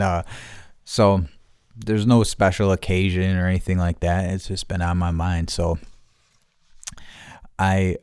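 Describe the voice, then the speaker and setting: A man's voice: low voice, darkish tone, clean tone, dry recording, studio quality. A man hosting his podcast outdoors, rambling casually with lots of swearing and losing his train of thought. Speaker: podcast host. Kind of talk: casual solo podcast monologue.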